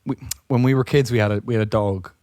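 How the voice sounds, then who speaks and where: A man talks his way through a long, rambling joke, hungover and laughing at his own setup. His voice is mid-pitched and sits dry and close to the mic. He swears freely and loses the thread now and then. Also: quick pace, dark tone, no echo. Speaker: podcast co-host. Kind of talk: casual chat, telling a long shaggy-dog joke.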